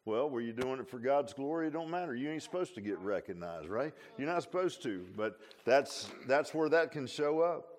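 A man's voice: mid-range voice, expressive, normal speed, hardly any pauses. A man preaching a sermon as pastor in a folksy, conversational way, with emphatic asides and frequent repeats and restarts. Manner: repeats himself and restarts often.

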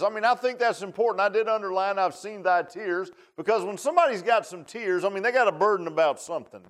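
A man's voice: high voice, quick pace, few pauses, a bit bright. A middle-aged man preaching a sermon in a folksy, conversational way, full of "uh" fillers and restarts. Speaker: pastor. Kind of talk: sermon with opening prayer.

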